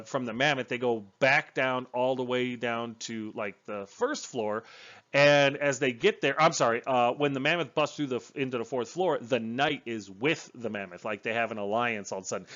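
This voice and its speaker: Guy rambling through a book recap, mid-pitch voice, slightly muffled audio. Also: normal speed, fairly bright tone. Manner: rambling, chatty, with fillers and self-corrections. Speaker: book reviewer. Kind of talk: casual plot recap.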